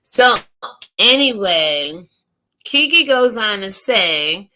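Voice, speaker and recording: A woman's voice: mid-range voice, unhurried, sharp tone. A woman from the United States hosting a casual opinion commentary, talking emphatically and firing off rhetorical questions. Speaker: commentary channel host.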